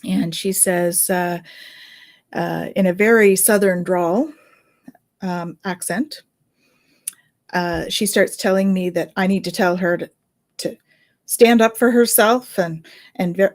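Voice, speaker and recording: A middle-aged woman, a Reiki healer and medium, casually telling a story in a chatty, animated way. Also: on the low side, normal speed. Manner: chatty, animated, with fillers and laughs.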